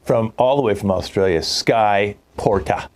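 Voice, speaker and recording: Older man, very deep voice, improv host, dry joking asides, online video call. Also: unhurried, a little mellow. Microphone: video call mic.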